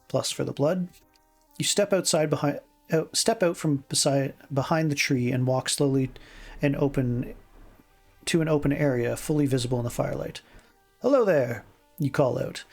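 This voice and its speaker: Gravelly man reading a text game aloud. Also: medium pitch. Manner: stumbles and rereads words, chuckles, puts on voices for lines. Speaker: streamer reading an interactive fiction game.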